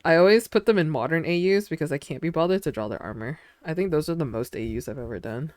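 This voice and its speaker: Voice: mid-range voice, quick pace, a little mellow, no echo. A streamer chatting casually with their audience while drawing. They ramble with lots of fillers and giggle often.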